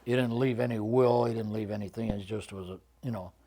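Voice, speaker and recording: A man, a grandson, recalling family memories in a halting casual conversation and searching for words. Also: fairly low pitch, steady tone, warm tone. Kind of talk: casual chat.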